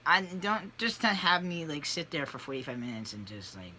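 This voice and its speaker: Vlogger, 30s or older, casual confessional delivery, loose and animated, bright tone. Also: mid-range voice, normal speed, slight background noise. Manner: rambling, candid, animated with frequent fillers. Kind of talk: casual personal vlog.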